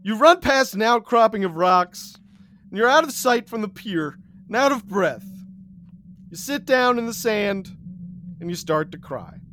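A man telling a comic second-person story, deadpan and breaking into laughs. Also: high voice. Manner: deadpan, slow, laughing through. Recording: recording with audible hiss.

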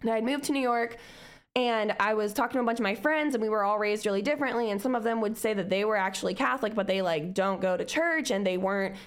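Speaking quickly in a smooth, medium-pitched voice, a young female podcast co-host keeps things candid and profane. She laughs between comments and animatedly quotes her past self in this casual conversation.

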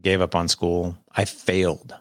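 A man's voice: low-pitched, completely flat delivery, unhurried, fairly bright tone, no room sound, studio quality. A man, candidly telling a personal story as a podcast guest and acting out the dialogue. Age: 40s. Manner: candid, conversational, quotes people in dialogue.

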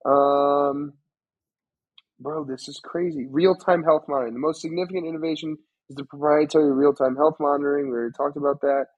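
A man's voice: on the high side, steady tone, a little fast, slightly rough, phone-quality sound. A young man co-hosting a podcast, chatting casually and asking incredulous questions. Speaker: podcast co-host. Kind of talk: casual chat.

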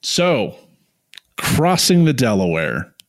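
A man's voice: medium pitch, sing-song, slow pace. A young man co-hosting a podcast, chatting casually and giggling between jokes. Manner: giggly, loose and joking. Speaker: podcast co-host. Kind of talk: casual chat.

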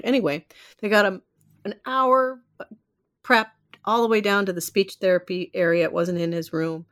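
Woman guest, low voice, animated and rambling storyteller. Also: normal speed. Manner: animated, rambling, laughs often. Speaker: podcast guest. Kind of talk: storytelling in casual interview.

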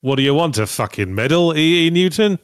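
A man's voice: fairly high pitch, expressive, a little fast, smooth, no echo. A man co-hosting a casual podcast chat, reading donor messages aloud with wry, dry asides.

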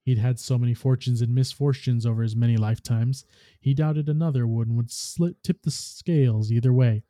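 A man, a podcast host, reading a story aloud in a steady, even narration. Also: mid-range voice, moderate pace, no echo, studio quality.

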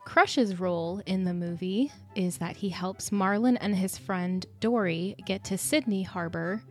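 A woman's voice: medium pitch, measured pace, soft background music. A woman co-hosting a casual podcast, chatty and giggly as she explains things. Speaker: podcast co-host.

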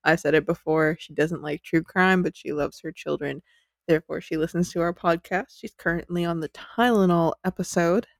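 A woman hosts a podcast in a chatty, giggly way, poking fun at herself as she tells the story. Her voice sits a little low and carries a gravelly fry. It is recorded close and dry, with no room sound. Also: steady tone, moderate pace, no room sound. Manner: chatty, giggly, self-deprecating. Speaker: podcast host.

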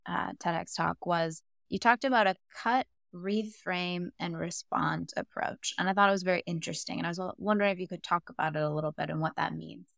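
Low gravelly woman podcast host. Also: a little fast, hardly any pauses, fairly bright tone, dry recording, studio quality. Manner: attentive, encouraging questions. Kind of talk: podcast interview.

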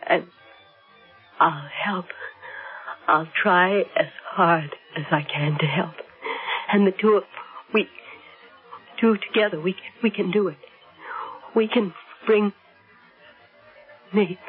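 An actress playing a frightened young wife who is afraid of dying, speaking breathily in a 1970s radio drama, on a tinny old broadcast recording. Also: female voice, lowish voice, takes it slowly, pauses often, faint music behind, exaggerated voice. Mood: pleading. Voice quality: breathy, pleading.

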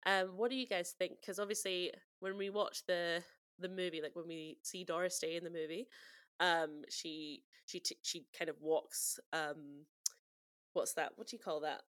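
A woman's voice: fairly low pitch, fairly even intonation, moderate pace, a bit bright, dry recording, studio quality. A woman co-hosting a podcast in casual chat, talkative and prone to laughing. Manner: chatty, giggly, lots of fillers. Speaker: podcast co-host.

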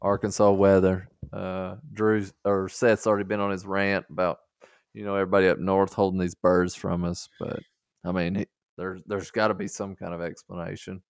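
Brief: podcast host, low smooth voice, rambling. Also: male voice, little pitch movement, normal speed, no echo, studio quality. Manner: easygoing, rambling. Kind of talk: casual chat.

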